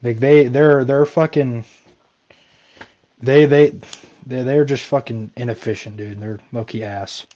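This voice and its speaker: Dark-voiced ranting man, off-mic and muffled. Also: mid-range voice, steady tone, measured pace, long pauses. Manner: ranting, profane, stumbling, says "dude" a lot. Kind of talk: casual chat.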